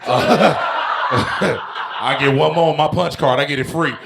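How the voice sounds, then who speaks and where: A man tears through a stand-up set in a tavern, his voice pitched high, loud and profane, with sudden shouts and laughs. His stage mic carries a thick layer of noise underneath. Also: unhurried, vocal fry. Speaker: stand-up comedian. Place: live comedy show in a tavern.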